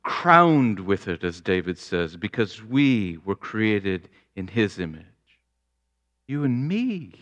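A man preaching a sermon as pastor, deliberate, building to fervent exclamations. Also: fairly low pitch, big pitch swings, fairly bright tone, highs cut off.

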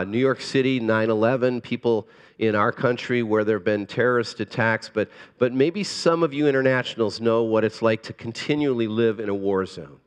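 A man preaching a sermon as a pastor, earnest and pleading, moving between hushed and emphatic delivery. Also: fairly low pitch, long reverb tail.

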